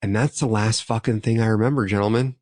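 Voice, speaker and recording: A man's voice: on the low side, steady tone, fast, a little mellow, no room sound, clean studio sound. A young man hosting a podcast, telling a rambling, profanity-laced story and laughing as he goes. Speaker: podcast host. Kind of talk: casual chat.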